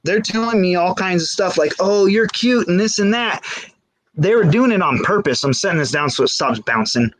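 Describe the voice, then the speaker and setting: A man's voice: sits high, expressive, brisk, a bit bright, poor audio. A man telling a candid, rambling personal story in casual talk, with many restarts. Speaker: guest. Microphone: phone.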